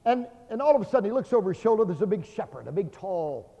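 A Baptist pastor preaching a fervent sermon, swinging between loud declarations and hushed tones. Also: male voice, high-pitched, very animated, fast talker. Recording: dull lo-fi sermon recording with long hall reverb.

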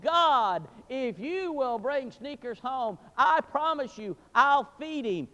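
A man's voice: lively intonation, takes it slowly, sharp tone, big-room sound, highs cut off, exaggerated voice. A man doing pleading little girls. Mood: pleading wail. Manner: high, wailing, begging. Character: the pastor's two young daughters, pleading and tearful.

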